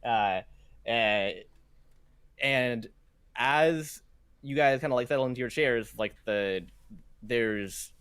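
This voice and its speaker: A man's voice: medium pitch, slow pace, pauses often, a bit bright, clear, resonant tone, no echo, studio quality. A young man running a tabletop game as game master, rambling through his narration with many restarts. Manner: rambling, full of fillers and restarts, laughs at himself.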